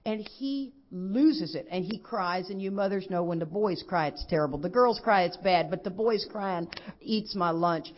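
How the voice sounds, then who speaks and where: A middle-aged woman, giving a lively personal testimony at a recovery convention and acting out what others said. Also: on the low side, moderate pace. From Texas. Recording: dull lo-fi convention recording.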